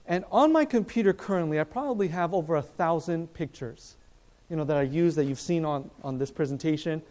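A man preaching at a seminar, telling a story in a lively way, acting out the dialogue and asking his listeners questions, speaking in a hotel seminar room. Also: on the high side, brisk. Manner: animated, acts out dialogue, asks the audience questions.

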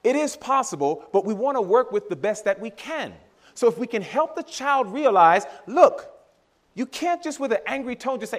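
His voice sits high and moves fairly quickly as he preaches a sermon. Addressing the congregation as brothers and sisters, he laughs and animatedly voices both sides of conversations with his children.

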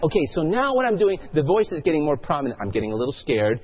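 Animated, husky-voiced male pastor preaching. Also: on the high side, quick pace, lo-fi sound. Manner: storytelling, engaging the congregation with questions. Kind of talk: sermon.

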